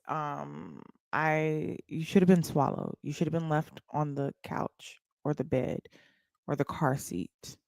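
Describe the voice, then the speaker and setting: A woman's voice: low-pitched, creaky, a little mellow, no room sound, studio quality. A woman, livestreaming and chatting bluntly and mockingly to her viewers. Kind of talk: casual livestream chat.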